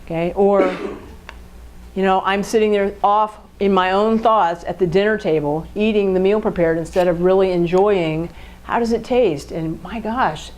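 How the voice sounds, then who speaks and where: A woman's voice: medium pitch, unhurried, rough recording. A woman co-hosting a podcast, explaining relationship communication in a conversational way, often checking in with rhetorical questions and acting out what partners say. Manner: animated, acts out quoted partners in a raised voice.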